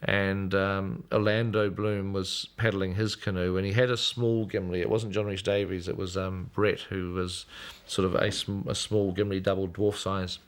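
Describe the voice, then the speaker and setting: A man in a documentary interview, recalling filming in a hesitant way with many pauses and fillers. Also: low voice, little pitch movement. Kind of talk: casual interview recollection.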